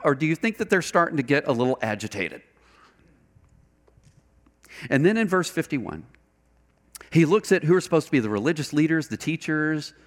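A man preaching a sermon, animated and conversational, asking the congregation rhetorical questions. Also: fairly high pitch. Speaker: pastor.

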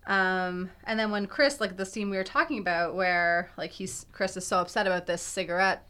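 A young woman co-hosts a casual chat, her voice on the lower side. She thinks aloud, piling up fillers and restarting sentences as she works toward a point. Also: steady tone, normal speed, pushed and bright, clear, resonant tone. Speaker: podcast co-host.

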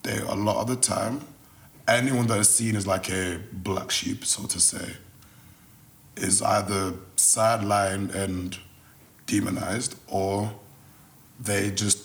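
A man in his twenties from Nigeria, a podcast guest speaking in a measured, thoughtful way. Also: on the low side, fairly even intonation. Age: 20s. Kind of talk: podcast interview.

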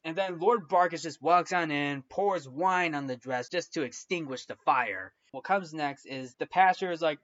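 A man rambles through a casual film recap and restarts his sentences often. His voice sits a little high. The recording is dull and lo-fi. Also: normal speed, few pauses, fairly bright tone. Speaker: film reviewer.

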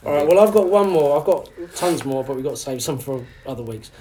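A British man hosting a casual podcast chat, loud, jokey and full of swearing. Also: a little high, animated, quick pace. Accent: British English. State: training for a marathon, tired legs. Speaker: podcast host.

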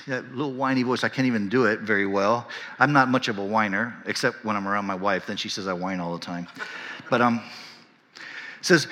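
Bright-voiced pastor preaching in a hall. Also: male voice, brisk. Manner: animated, acts out whiny voices and quotes with rising pitch; conversational, often tags lines with "right?". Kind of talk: sermon.

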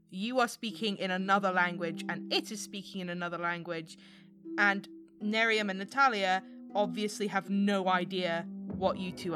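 A woman narrating a tabletop game as game master, describing scenes and laughing easily. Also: medium pitch.

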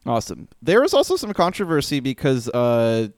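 Male podcast co-host, casual movie talk, very animated delivery, dry close mic. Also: mid-range voice, fairly quick, no echo. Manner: animated, questioning, swears freely.

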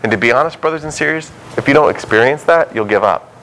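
A man's voice: medium pitch, animated, quick pace, a bit bright, slight background noise, rough recording. A man preaching a sermon in a conversational way, now and then acting out the voices of biblical figures. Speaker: pastor.

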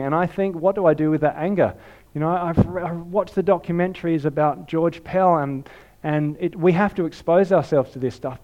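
Male pastor, sermon delivery, higher-pitched voice, lively and animated storytelling. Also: muffled recording. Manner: animated storytelling, swings from hushed to shouting.

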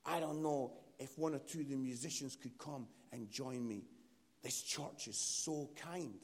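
A Scottish man preaching a sermon in a church, telling a story with lively, acted-out quotes. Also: mid-range voice, a little slow. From Scotland. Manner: animated storytelling, acts out quotes.

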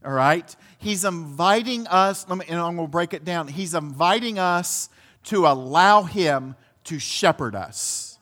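A man's voice: on the high side, a little slow, a bit bright. A man preaching a sermon in a conversational way, full of restarts, asides and laughs. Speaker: pastor.

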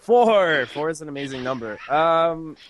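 An upbeat man hosts a casual podcast, his voice sitting a little high and breaking into easy laughs. Faint noise hums under the line. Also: animated, moderate pace, fairly bright tone. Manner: upbeat, jokey, laughs often. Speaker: podcast host.

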